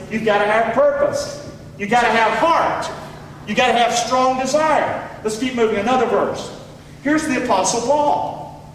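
A man's voice: very high voice, slight background noise. A man, a pastor from America, preaching an emphatic sermon and calling on his congregation to answer back. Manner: emphatic, calls for congregation response. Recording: echoey hall from far off.

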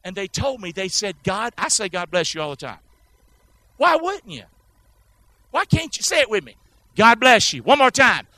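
A man's voice: high-pitched, big pitch swings, moderate pace, pauses often, bright, forceful tone, poor audio. A man preaching a sermon, emphatic, often asking the congregation to answer or repeat after him. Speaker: pastor.

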